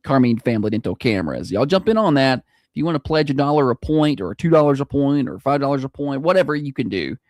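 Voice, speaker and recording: A man's voice: mid-range voice, big pitch swings, fast talker, few pauses, a little mellow, dry recording, studio quality. A man co-hosting a morning radio show, chatting easily and plugging pledges. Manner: easygoing, chatty, plugs pledges. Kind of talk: casual radio banter.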